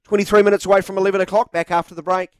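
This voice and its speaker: A man's voice: high-pitched, little pitch movement, rapid-fire. A man hosting a sports talk radio show, chatty and playful, with lots of "uh" fillers.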